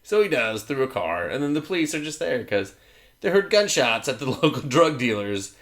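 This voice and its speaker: A man's voice: medium pitch, sing-song, moderate pace, fairly bright tone. A man co-hosting a casual comedic movie review chat, profane and jokey, acting out characters in exaggerated voices. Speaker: podcast co-host.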